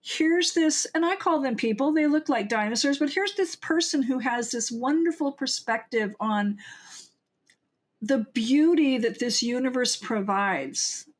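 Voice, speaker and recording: Older woman guest, higher voice, animated rambling storyteller on a podcast interview. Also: measured pace. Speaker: guest author.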